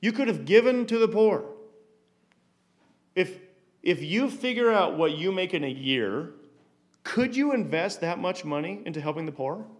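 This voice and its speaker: A man's voice: high-pitched, expressive, normal speed, long pauses. A man giving a conversational Bible teaching, stumbling and repeating words as he asks rhetorical questions.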